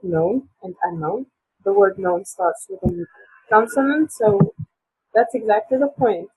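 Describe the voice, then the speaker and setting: A woman's voice: fairly high pitch, dark tone, slightly rough, no room sound. A woman teaching a live online English class, hesitant and full of fillers, over dull lo-fi call audio. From Tunisia.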